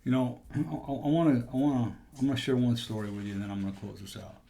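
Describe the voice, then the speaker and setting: A man's voice: medium pitch, fairly even intonation, fast talker, mellow, a little hiss or hum. A man hosting a podcast, telling a personal testimony in a rambling storytelling way with restarts. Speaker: podcast host.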